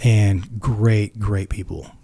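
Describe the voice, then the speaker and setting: A middle-aged man, a former Navy SEAL, telling stories casually and acting out the quoted lines in a lively way. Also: lowish voice, slow, vocal fry, husky. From United States. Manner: animated, acts out quoted dialogue. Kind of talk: casual storytelling.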